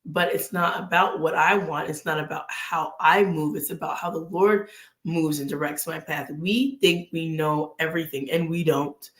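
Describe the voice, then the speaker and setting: A woman's voice: low voice, roomy sound. A woman hosting a casual vlog, sharing faith and personal stories in an earnest way and acting out bits of inner dialogue. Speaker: vlog host.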